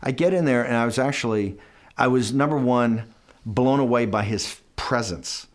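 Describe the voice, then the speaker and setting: A man's voice: medium pitch, normal speed. A man being interviewed, telling a long anecdote in a rambling way, restarting sentences and quoting others with "I go". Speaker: interview guest. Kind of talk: anecdotal storytelling in a conversation.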